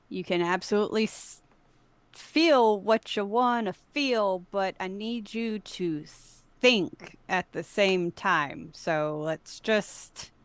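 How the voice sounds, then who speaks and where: A woman's voice: mid-range voice, clear, resonant tone, dry recording. A woman speaking as a player in a tabletop game, talking urgently and persuasively.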